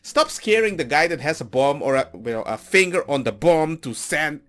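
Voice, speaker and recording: A man giving a rambling, animated political rant with mocking asides. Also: a little high, moderate pace. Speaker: political commentator. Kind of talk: ranting commentary.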